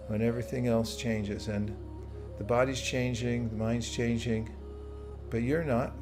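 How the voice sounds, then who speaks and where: A man teaching bhakti yoga, guiding a slow, soothing meditation. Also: mid-range voice. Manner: slow, soothing guidance with playful asides. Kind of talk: guided meditation with live chat. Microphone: streaming setup, own audio controls. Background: soft soothing music.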